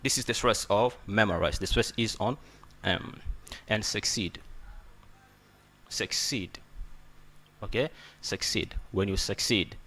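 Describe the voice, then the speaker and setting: A man whose first language isn't English gives a spoken pronunciation lesson on English sounds and word stress, repeating words often and asking "okay?" He calls his listeners "brother." His voice is fairly low and sharp-toned, and he speaks slowly with frequent pauses.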